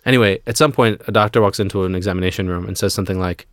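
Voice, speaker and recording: A man's voice: sits low, very fast, hardly any pauses, a bit bright, no room sound, clean studio sound. A man co-hosting a podcast, telling a story in a rambling, casual way with lots of fillers. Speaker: podcast co-host.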